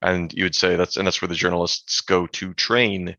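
Gravelly-voiced man in casual podcast chat. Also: low voice, moderate pace, dry recording, muffled recording. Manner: rambling, self-described language nerd, animated asides. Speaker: podcast co-host.

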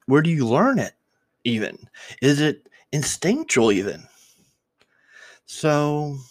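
Brief: male podcast host, unscripted musing, halting restarts, emotional tremble, dry close sound. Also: medium pitch, no room sound. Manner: reflective, rambling with restarts and repeated words. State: choked up, voice trembling.

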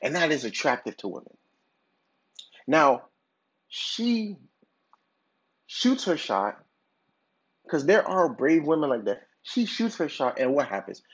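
A man's voice: a little high, big pitch swings, slow pace, long pauses, slightly rough. A man hosting a podcast, telling a long hypothetical story in a casual, rambling way with lots of filler words and restarts. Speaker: podcast host. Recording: dull lo-fi recording.

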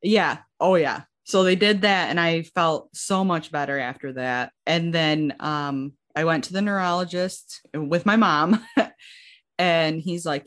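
A guest in her twenties tells her own story casually, in a low, unhurried voice. She's animated, acting out what people said and saying "like" a lot.

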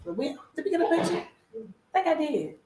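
Podcast castmate, woman with a raised pitch, playful and chatty. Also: big pitch swings, moderate pace, dark tone. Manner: playful, acts out scenes. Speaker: podcast cast member. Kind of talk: casual chat. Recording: echoey room with faint noise.

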